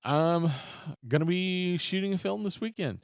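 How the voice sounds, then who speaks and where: A man's voice: sits high, unhurried, gravelly, dry recording, clean studio sound. A man co-hosting a podcast, chatty and joking, laughing often. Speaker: podcast co-host. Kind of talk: casual podcast chat.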